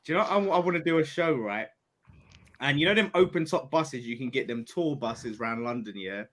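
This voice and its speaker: A man chatting casually on a football podcast over a call, animated and teasing. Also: mid-range voice, a little fast. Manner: animated, teasing, boastful banter. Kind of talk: casual chat.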